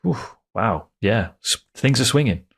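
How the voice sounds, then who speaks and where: Chatty podcast co-host, low voice. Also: male voice, expressive, measured pace, creaky, slightly rough. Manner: chatty, enthusiastic, with many fillers and restarts. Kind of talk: casual football podcast chat.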